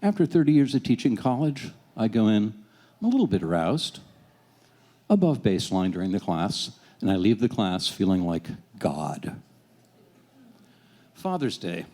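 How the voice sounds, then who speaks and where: Animated low-voiced man in his sixties. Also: normal speed, long pauses. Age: 60s. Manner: animated, profane, self-deprecating. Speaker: storyteller. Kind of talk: live personal storytelling.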